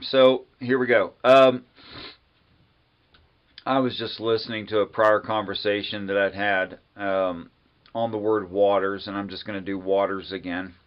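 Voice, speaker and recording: A man hosting a solo livestream on religion, talking casually and unhurriedly with many pauses and fillers, sometimes wry. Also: on the low side, highs cut off. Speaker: livestream host.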